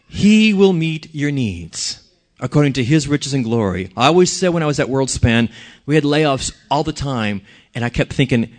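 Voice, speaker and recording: A man preaching a conversational sermon in a church, telling stories and putting questions to the congregation in an animated way. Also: mid-range voice, moderate pace.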